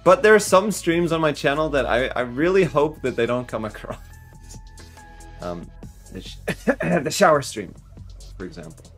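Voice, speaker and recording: A man's voice: on the high side, very animated, normal speed, long pauses, a bit bright, faint music behind. A young man streaming, telling a story casually with frequent laughter and a self-conscious manner.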